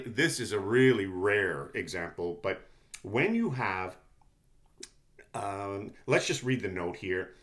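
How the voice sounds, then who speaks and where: A man's voice: lowish voice, a bit bright. A male lecturer giving a conversational recorded lesson, often checking in with "okay?" and restarting his sentences.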